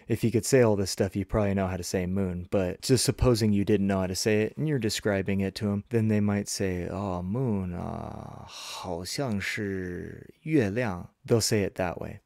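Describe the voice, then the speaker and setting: A man teaching a language lesson, modeling phrases slowly and carefully. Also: fairly low pitch, a little mellow, no room sound, clean studio sound. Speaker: Mandarin teacher.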